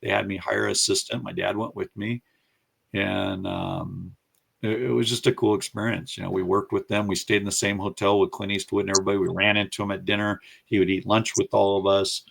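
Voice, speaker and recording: Gravelly-voiced man telling a story. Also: on the low side, brisk. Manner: animated storyteller who acts out quoted voices. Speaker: guest recounting his career. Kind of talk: casual storytelling interview.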